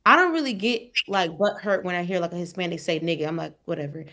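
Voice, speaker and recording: A woman's voice: fairly low pitch, expressive, fast, a bit bright. A woman on a discussion panel, chatty and full of "like" fillers. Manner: chatty, filler-heavy, uses "like" often.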